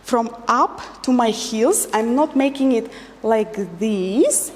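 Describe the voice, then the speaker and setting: Dance teacher lady, high voice, slow and patient, counts out loud, echoey hall. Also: expressive, slight background noise. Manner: patient, counts beats aloud while demonstrating. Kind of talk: instructional dance lesson.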